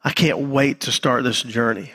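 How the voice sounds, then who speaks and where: A man's voice: mid-range voice, normal speed, husky, pitched below the performer's own voice. A man doing an overjoyed freed debtor. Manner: gushing, excited. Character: grown man overjoyed after being freed from debt.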